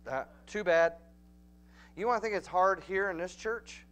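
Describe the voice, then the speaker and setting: A man with a Texan accent preaching a Bible study in a church, folksy and emphatic, building to loud, urgent peaks. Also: high voice, expressive, unhurried, smooth. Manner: folksy, emphatic, rising to near-shouting peaks. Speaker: pastor. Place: church sanctuary.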